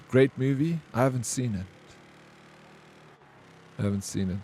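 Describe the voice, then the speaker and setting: A man's voice: mid-range voice, moderate pace, pauses often, warm tone, slight background noise. A man chatting casually with his chat during a live game stream, rambling and calling viewers by name.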